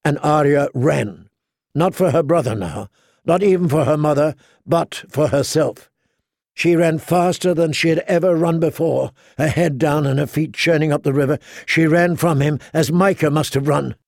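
A man narrating a story in a measured way, slowing down for dramatic beats. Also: a little high, creaky, a little mellow, no echo, clean studio sound. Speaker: audiobook narrator. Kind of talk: scripted narration.

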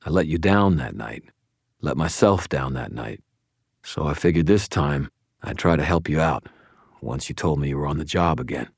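A guarded vampire brother who keeps his words low and clipped, voiced by a man reading. His voice sits very deep, a touch quieter than the narration. The recording is dry and close. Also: moderate pace, creaky, dry recording, heavily acted.

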